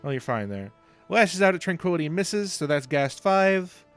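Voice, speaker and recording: A man's voice: fairly high pitch, very animated. Man narrating a tabletop game as game master. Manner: brisk, matter-of-fact narration of turns. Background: faint music.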